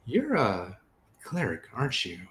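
A man voicing a warm, motherly female seer who fusses over her guests and calls them dear. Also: medium pitch, wildly swooping pitch, unhurried, faint music behind. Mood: doting. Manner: fussing, endearing, calls people dear.

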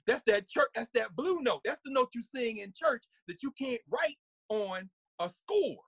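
A man giving a conversational lecture, animated and laughing often, sometimes singing snippets and acting out voices. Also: very high-pitched, measured pace, gravelly, slightly rough, no echo.

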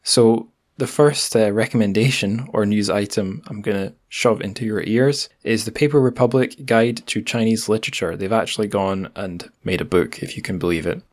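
A man's voice: fairly low pitch, normal speed, few pauses. A man with a Scottish accent hosting a podcast, talking casually and poking fun at himself. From Scotland. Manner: chatty, self-deprecating, with frequent restarts and asides. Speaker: podcast host.

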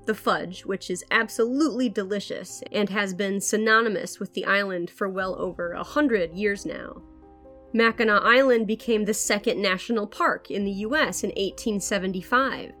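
A woman hosting a history podcast, reading a scripted true story in a measured storytelling manner with wry asides. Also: mid-range voice, fairly bright tone. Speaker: podcast host.

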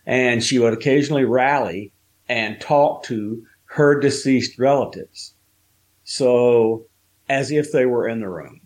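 Man telling a personal story, halting. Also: medium pitch, a little mellow. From Southern United States. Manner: slow, halting storytelling with fillers. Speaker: guest.

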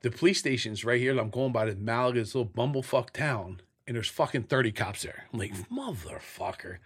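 A man with a husky, somewhat breathy voice at an average pitch talks as an interview guest. He tells his stories bluntly, swearing freely and acting out scenes with sound effects. He is middle-aged and speaks in a candid, storytelling way. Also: fairly quick.

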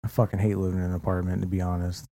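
Young man, podcast co-host, mellow voice, blunt, ranty, swears a lot. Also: deep voice, level tone, racing. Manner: blunt, ranting, heavy swearing. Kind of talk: casual podcast chat.

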